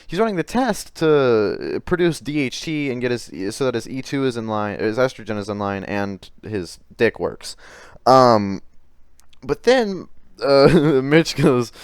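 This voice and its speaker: A male commentary YouTuber reacts to chat messages, sounding exasperated and swearing, often stammering and starting sentences over. His mid-range voice is animated, unhurried and smooth, captured in a dry, studio-quality recording.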